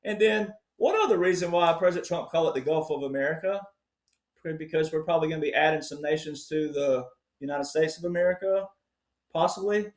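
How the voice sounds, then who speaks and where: A man giving emphatic political commentary as a panel guest, often addressing "ladies and gentlemen". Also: fairly high pitch, brisk, roomy sound. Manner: emphatic, repeats "ladies and gentlemen", acts out voices.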